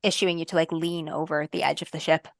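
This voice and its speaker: A woman game master narrating a fantasy tabletop game in a soft, lyrical way, with frequent ums. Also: deep voice, flat delivery, a little fast, vocal fry, no room sound, clean studio sound.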